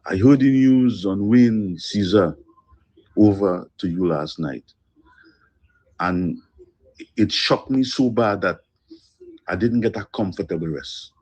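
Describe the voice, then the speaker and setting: A man leaving a phone voice note of condolence, slow, heavy and earnest, with pauses. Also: lowish voice, a little mellow, dull audio. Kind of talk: emotional condolence message.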